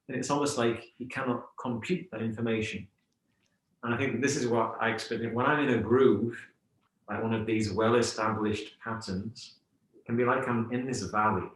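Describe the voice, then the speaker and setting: A man's voice: medium pitch, steady tone, normal speed. Man, middle-aged, yoga teacher guest, reflective storytelling, roomy recording. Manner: thoughtful, storytelling with analogies. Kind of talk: reflective podcast talk. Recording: roomy echo.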